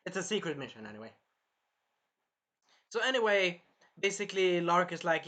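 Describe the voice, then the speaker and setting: A man with a high, sharply bright voice talks through an episode recap in a loose, rambling way. He sounds a little tired and keeps circling back with fillers as he goes. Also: animated, normal speed, pauses often. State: tired, clearing his throat. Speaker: anime reviewer.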